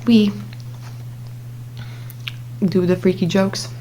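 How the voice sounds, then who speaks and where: A woman's voice: medium pitch, steady tone, extremely slow, dark tone, slight background noise. A young adult woman vlogger telling a casual story in a chatty way, full of fillers and asides.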